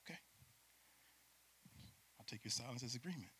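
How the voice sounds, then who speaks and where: Bright, emphatic man preaching a sermon. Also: mid-range voice, moderate pace, slight background noise. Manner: swings between hushed asides and loud emphatic peaks; calls on the congregation to repeat words.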